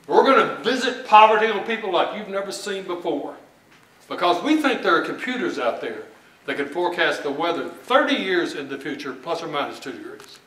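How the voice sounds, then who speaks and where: A man's voice: high voice, very animated, a little fast, a bit bright, distant mic. Folksy Texan man in an echoey hall. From Texas. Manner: folksy, joking, plain-spoken. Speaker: economist speaker. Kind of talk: conference keynote talk. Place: large event hall.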